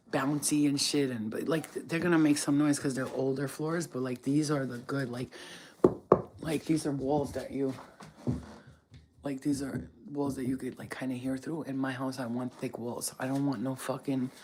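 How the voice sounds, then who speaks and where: A woman's voice: rumbling low, noisy background. A woman vlogger ranting casually and bluntly at home, swearing freely and getting heated about bills and neighbors. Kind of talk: casual rant to camera. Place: rented house, indoors.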